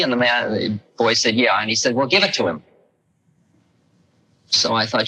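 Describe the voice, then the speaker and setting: Bright-voiced man telling a story. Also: medium pitch, moderate pace, pauses often, rough recording. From United States. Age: 30s. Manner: conversational, wry storytelling with voiced asides. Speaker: lecturer. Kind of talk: storytelling lecture. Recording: 1969 lecture recording.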